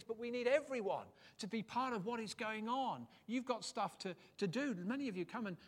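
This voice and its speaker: A male preacher, delivering a sermon in church. His voice sits high for a man, and he swings his pitch and loudness widely to drive points home. The delivery is animated and jokey.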